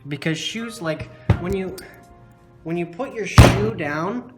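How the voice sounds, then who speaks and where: A man's voice: high voice, takes it slowly, loud music behind the voice. A man hosting a casual drawing tutorial, rambling and poking fun at his own mistakes with lots of filler words. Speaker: art tutorial host.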